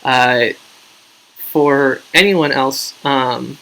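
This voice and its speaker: A man's voice: on the high side, slow, bright, forceful tone, rough recording. A man hosting a casual game live stream, rambling, joking at his own expense and reading out viewer names.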